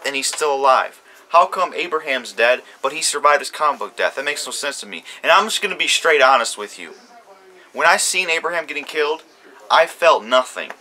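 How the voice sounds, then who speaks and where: A man's voice: on the high side, sharp tone, slight background noise. A man ranting about a TV show premiere, heated, profane and repeating himself. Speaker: YouTube commentator. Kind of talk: ranting TV reaction.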